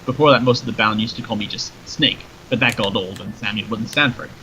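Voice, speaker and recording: A man's voice: lowish voice, fast, sharp tone. Nate, a joking desert rattlesnake, read by a man. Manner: chatty, joking, matter-of-fact. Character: wry talking rattlesnake granting wishes, male. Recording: dull lo-fi with faint noise.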